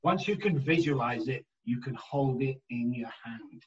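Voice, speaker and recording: A man working as an addiction therapist, telling stories in an interview in an emphatic, animated way and acting out the voices he quotes. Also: medium pitch, measured pace, far from the mic, highs cut off. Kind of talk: storytelling in a conversational interview.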